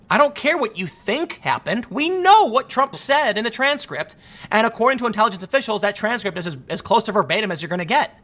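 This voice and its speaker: A man's voice: sits high, bright, forceful tone. A man giving casual political commentary, tired and exasperated, rambling with frequent restarts.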